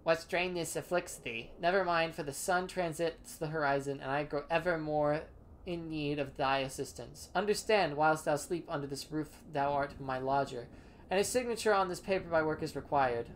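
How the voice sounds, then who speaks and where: A woman's voice: low voice, moderate pace, a little hiss or hum, lightly acted. A woman playing an archaic, formal landlord. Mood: stern. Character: stiff old-fashioned landlord speaking in thee and thou.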